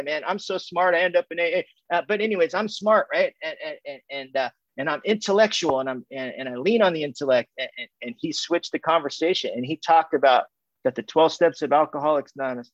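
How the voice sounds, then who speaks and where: A man shares his recovery story as casual testimony, with a slightly raised pitch and a loose, rambling delivery. He mocks himself with dry humor and leans on "man" and "dude". The recording is dry and a little dull. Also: no room sound. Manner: loose and chatty, stacks up "and, and, and", peppers lines with "man" and "dude"; self-mocking humor with small laughs.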